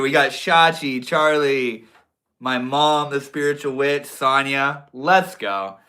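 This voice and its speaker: A man's voice: medium pitch, slow pace, sharp tone. A young man hosting a livestream, chatting casually with viewers in a laid-back, slangy way. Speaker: livestream host.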